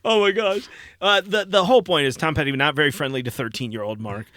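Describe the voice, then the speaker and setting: A man in his forties with an American accent, telling stories as a podcast guest in a casual, animated way, often laughing. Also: fairly high pitch, quick pace, no room sound. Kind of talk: casual chat.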